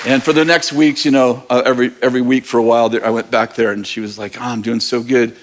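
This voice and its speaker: A man's voice: medium pitch, little pitch movement, fast, a faint crowd, slight background noise. Man, pastor, sermon storytelling, conversational, candid. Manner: conversational, candid, with bursts of laughter.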